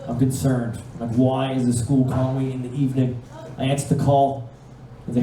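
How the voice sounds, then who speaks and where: A man's voice: medium pitch, fairly quick. A young man telling a long stand-up story on a live stage, swearing freely and acting out phone calls in different voices. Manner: animated, profane, acts out phone calls in voices. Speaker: stand-up comedian. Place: live comedy stage with audience. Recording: echoey room from a distance, faint ambience.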